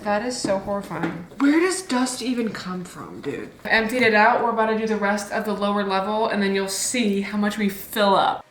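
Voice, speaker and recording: A woman's voice: medium pitch, moderate pace, hardly any pauses, a bit bright, reverberant, slight background noise. A young woman in her twenties vlogging casually at home as a fitness creator, chatty and bubbly with lots of fillers, sometimes a bit out of breath. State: out of breath at times. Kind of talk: casual vlog talk to camera. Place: rooms of a house.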